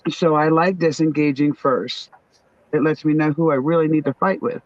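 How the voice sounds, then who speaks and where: A woman's voice: low-pitched, measured pace, dry recording. A middle-aged woman with a New York accent, chatting bluntly with family on a stream, swearing and laughing often. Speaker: livestream host. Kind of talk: casual chat. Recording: dull muffled sound.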